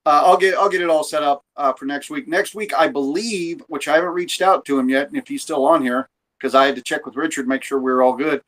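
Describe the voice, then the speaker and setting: A man's voice: a little high, brisk, a bit bright. A man hosting a podcast in casual chat, rambling and swearing freely, recorded on a phone. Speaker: podcast host.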